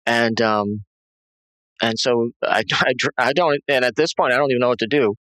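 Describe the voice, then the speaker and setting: A man's voice: medium pitch, fairly even intonation, fairly bright tone, dry recording, rough recording. Guy rambling thru his story, lots of likes and ums, dry close sound. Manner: halting, many fillers and restarts. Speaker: interview guest. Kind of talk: rambling personal testimony.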